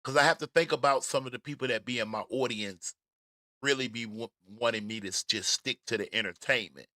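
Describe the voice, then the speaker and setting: A man hosting a casual commentary livestream, talking in an animated, emphatic way with frequent stammers and restarts. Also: medium pitch, brisk, no echo, clean studio sound. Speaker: host.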